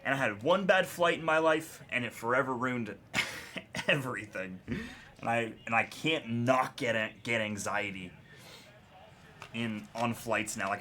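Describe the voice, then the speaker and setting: A man's voice: mid-range voice, expressive, moderate pace, bright, forceful tone. A young man hosting a live card break, chatting casually and telling a story between calling out names. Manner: chatty storyteller, laughs often, calls names of pulled cards. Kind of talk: casual chat while opening cards.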